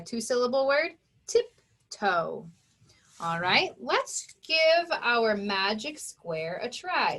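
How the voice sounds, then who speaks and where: A woman's voice: on the high side, fairly bright tone. A woman teaching a children's phonics lesson, patiently sounding out words and spelling them letter by letter.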